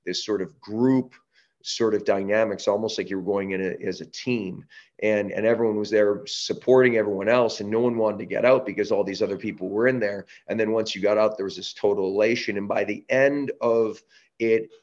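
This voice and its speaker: A man from Canada with a somewhat low voice talks as a podcast guest, telling a personal story. He restarts his sentences often and acts out what people said. The recording sounds a little dull and lo-fi. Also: a little fast. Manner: animated storyteller, many restarts, acts out quotes. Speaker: podcast guest, breath-work company founder. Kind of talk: casual interview storytelling.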